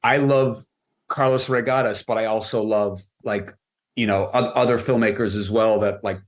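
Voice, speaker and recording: A man's voice: lowish voice, steady tone, normal speed. A man talking as a director guest on a podcast, rambling in a casual way with many fillers and restarts. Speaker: film and music video director, guest. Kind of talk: casual interview chat.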